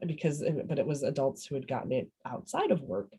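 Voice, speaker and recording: A woman's voice: extremely low pitch, big pitch swings, brisk, warm tone, breathy edge. A woman, a parent talking casually in an oral history interview, rambling and breaking off her sentences. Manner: rambling, self-interrupting, laughs often.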